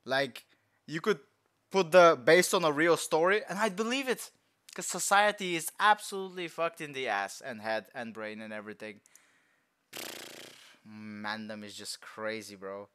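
A man's voice: fairly high pitch, moderate pace, smooth. A young man reacting to a movie trailer in loose, slangy, rambling chat. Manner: excitable, slangy, rambling, bursts into shouts and laughs. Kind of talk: casual reaction commentary.

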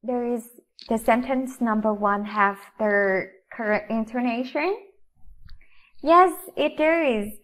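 Her voice pitched a touch high, this Vietnamese-accented woman walks children through an English lesson, spelling out each step. She keeps her delivery slow, deliberate, and instructive.

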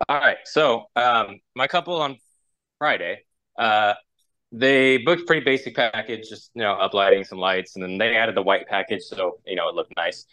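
A man with a lowish voice tells a rambling, exasperated story from a wedding gig. His tone is bright and forceful, recorded close and dry with no room sound. He slips in and out of quoted voices as he talks. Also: moderate pace, no echo, rough recording. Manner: rambling and exasperated, acting out both sides of conversations. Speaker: wedding DJ on a panel show. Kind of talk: casual storytelling on a round-table podcast.

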